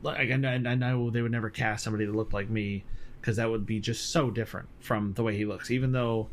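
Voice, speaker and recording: A man's voice: on the low side, fairly even intonation, fast talker, slight background noise. A man co-hosting a casual movie podcast, talking in a rambling, chatty way and laughing often. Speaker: podcast co-host. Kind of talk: casual chat about movies.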